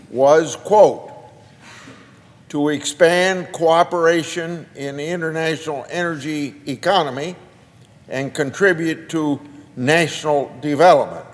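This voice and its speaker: Older man reading a slow speech in a large hall. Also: fairly high pitch. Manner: slow, halting delivery with restarts and careful quoting. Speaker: senator giving a floor speech. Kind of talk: prepared speech read aloud. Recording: long reverb of a large chamber.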